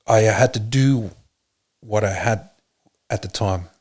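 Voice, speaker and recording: A man, a podcast guest, telling his story in an earnest, halting way with many fillers. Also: fairly low pitch, a little mellow, husky. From Australia. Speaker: podcast guest, police officer. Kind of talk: casual interview talk.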